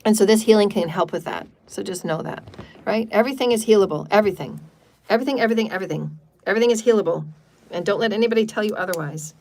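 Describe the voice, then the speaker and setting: A woman's voice: mid-range voice, rapid-fire, darkish tone. A woman spiritual healer on a livestream, leading a guided healing meditation and chatting afterwards, often repeating words and phrases in runs. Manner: speaks in chanted syllables. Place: home livestream.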